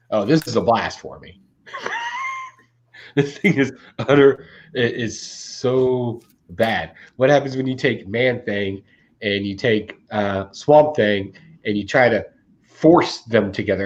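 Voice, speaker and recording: Forties guy ranting about comics on a podcast, laughing a lot, kinda dull lo-fi audio. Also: medium pitch. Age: 40s. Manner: animated, laughing rants. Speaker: podcast co-host. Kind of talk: casual comic book review chat.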